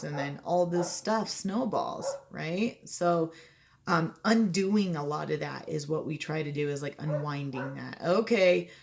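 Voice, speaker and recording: Woman hypnotist, low gravelly voice, chatty advice talk that slips into quick quoted client dialogue. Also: background noise.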